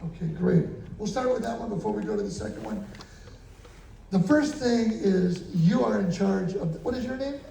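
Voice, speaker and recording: A talkative man tells stories to an audience, high-pitched and gravelly, with a mellow tone. He acts out voices and drum sounds as he goes. The sound is roomy and picked up from some distance, with faint ambience behind it. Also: sing-song, moderate pace, slight background noise. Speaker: guest drummer answering questions. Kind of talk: casual storytelling Q&A. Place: indoor venue before an audience.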